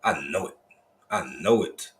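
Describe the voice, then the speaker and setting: Folksy low-voiced man hosting a livestream. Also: unhurried, reverberant. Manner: folksy, drawling Southern Black vernacular, repeated greetings. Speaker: livestream host. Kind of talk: casual livestream chat, greeting viewers.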